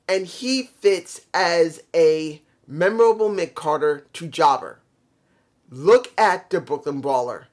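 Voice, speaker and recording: A show reviewer delivers a casual, opinionated monologue, ranting bluntly and swearing freely. His high-pitched voice sounds worn, and he himself calls it messed up.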